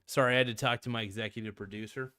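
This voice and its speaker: A man's voice: medium pitch, steady tone, rapid-fire, bright, forceful tone, clear, resonant tone, no echo, studio quality. A man hosting a casual finance livestream, loose and slangy, rambling with frequent restarts. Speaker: livestream host.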